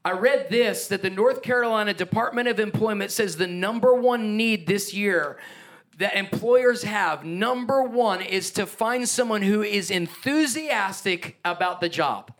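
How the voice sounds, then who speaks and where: A man preaching a sermon as pastor, energetic and emphatic, with playful asides and chuckles. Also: sits high, unhurried.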